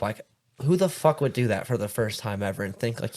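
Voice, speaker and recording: Host role: young guy, low voice, rambling swear-heavy storyteller in casual chat. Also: expressive, a little fast, darkish tone. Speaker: podcast host.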